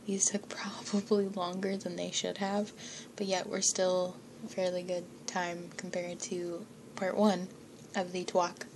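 A woman's voice: on the low side, background noise. A young woman chatting casually to her listeners, rambling and giggly, often dropping to a whisper and swearing now and then. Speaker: audio creator.

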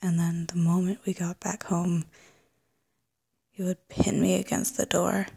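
Woman playing a whispered role-play ex-lover, breathy, husky, slow, hesitant restarts. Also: on the low side, little pitch movement, exaggerated voice. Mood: sultry, teasing. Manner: hushed, hesitant, with trailing restarts. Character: woman ex-lover, wistful and teasing.

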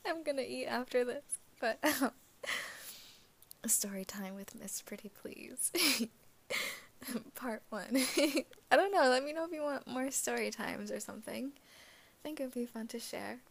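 Giggly, raspy woman in whispered casual chat. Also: high-pitched, moderate pace, no room sound. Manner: giggly, laughs often between phrases. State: groggy morning voice, just woken up. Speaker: ASMR channel host.

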